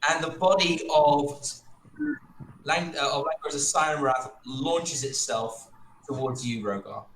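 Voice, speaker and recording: A man narrating as game master in a tabletop game, pausing often with fillers. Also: fairly high pitch, roomy sound, background noise. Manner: halting, filler-heavy narration.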